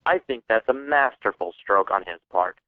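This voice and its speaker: A man's voice: fairly low pitch, lively intonation, normal speed. A man co-hosting a radio show, arguing his points with rhetorical questions. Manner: argumentative, fires rhetorical questions. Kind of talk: casual radio debate. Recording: tinny dry AM radio broadcast.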